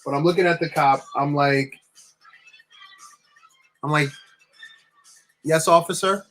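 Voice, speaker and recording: A man's voice: fairly high pitch, a little slow, soft background music. Chatty young man telling a story. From New Jersey. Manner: rambling, animated anecdote with many restarts. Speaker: LEGO builder streaming. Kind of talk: casual storytelling while building.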